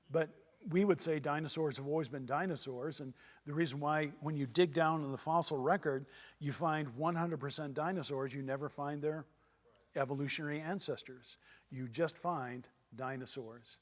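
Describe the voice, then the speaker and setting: A man from Texas giving a church seminar lecture in a folksy way, repeating his points for emphasis. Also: on the high side. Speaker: seminar speaker. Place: church hall. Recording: long hall reverb.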